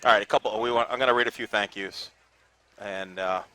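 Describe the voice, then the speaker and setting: A man's voice: fairly low pitch, steady tone, fairly quick, sharp tone, smooth. A man co-hosting a live broadcast outdoors at a parade, reading thank-yous with many fillers. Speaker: co-host. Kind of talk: casual live broadcast chat.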